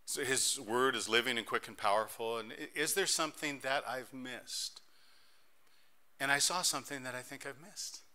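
Here a middle-aged man preaches as pastor, his voice medium in pitch and his speed normal. He animates his stories, moving back and forth between softness and volume.

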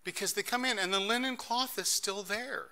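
A middle-aged man preaching a sermon as pastor, telling stories in an animated way that swings between soft and loud. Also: sits high, moderate pace, smooth.

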